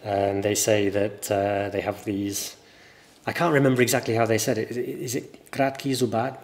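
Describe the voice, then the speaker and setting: Low-voiced man with a mild northern English accent. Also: flat delivery, moderate pace. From northern England. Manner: thoughtful, anecdotal, explains at length. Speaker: guest, teacher. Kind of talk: relaxed conversational interview.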